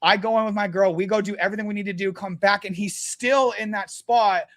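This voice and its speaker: A man talking as a podcast guest, telling stories in a blunt, animated way with plenty of swearing. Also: sits high, a little fast. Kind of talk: casual storytelling chat.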